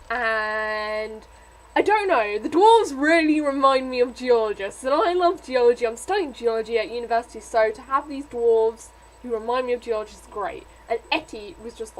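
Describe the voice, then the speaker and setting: A woman's voice: on the high side, a little hiss or hum, rough recording. A young woman reviewing a book in a casual vlog, rambling with many fillers and getting emotional. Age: young adult.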